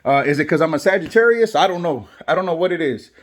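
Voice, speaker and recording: A man's voice: fairly high pitch, lively intonation, fast. A man who is a barber and father, talking earnestly in a motivational vlog and repeating phrases for emphasis. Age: adult, has kids. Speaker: barber and vlogger.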